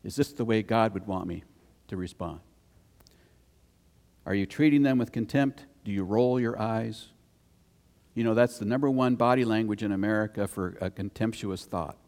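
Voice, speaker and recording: A man's voice: lowish voice, moderate pace, long pauses, darkish tone. Man preaching in a reverberant hall. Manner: conversational storytelling preacher, rises to emphatic scripture reading. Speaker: pastor. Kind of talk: sermon. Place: church sanctuary. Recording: long reverb of a church hall.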